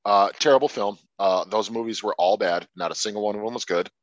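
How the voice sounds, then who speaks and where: A man's voice: a little fast, no room sound. A man in a casual podcast chat about movies, talking animatedly and swearing freely. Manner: animated, swearing, mimics people in sudden high voices. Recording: dull lo-fi sound.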